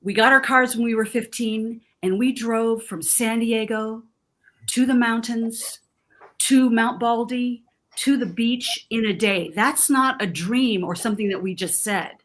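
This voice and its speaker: A woman's voice: on the high side, fairly even intonation, unhurried, a bit bright. A woman from Southern California giving a vivid, emotional account in conversation, acting out the lines of the people in her story. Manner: vivid storyteller, acts out quotes.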